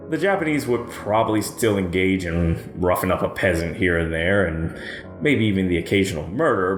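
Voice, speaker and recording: Casual male history narrator, low voice, sarcastic and foul-mouthed, roomy echo. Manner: profane, sardonic asides. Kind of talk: casual history narration with crude dark humor. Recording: roomy echo with faint music.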